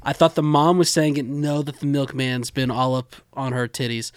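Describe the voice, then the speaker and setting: A man's voice: medium pitch, little pitch movement, normal speed, clean tone, no room sound. A man co-hosting a podcast, arguing and joking in casual chat with a crass sense of humor. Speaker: podcast co-host.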